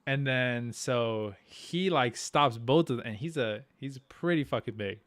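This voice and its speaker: A man's voice: medium pitch, measured pace, fairly bright tone, no room sound. A young man co-hosting a podcast, telling stories in casual chat, laughing often and swearing freely in slang. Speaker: podcast co-host.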